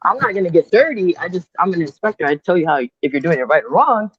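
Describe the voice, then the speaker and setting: A woman in her fifties, a construction superintendent, telling animated stories in casual chat and dropping in Spanish phrases, on earbuds over a remote call. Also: lowish voice, fast talker, breathy edge, muffled recording.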